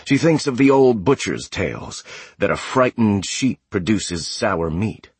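A man narrating a sci-fi audiobook in a steady, measured way. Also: fairly low pitch, breathy edge, no echo. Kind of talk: scripted narration.

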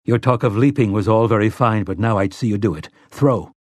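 A man's voice: fairly low pitch, fairly quick, darkish tone, no echo, studio quality, lightly acted. A man voicing a stern, grim male gunslinger who speaks tersely in an old-fashioned, commanding way. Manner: terse, commanding, archaic speech.

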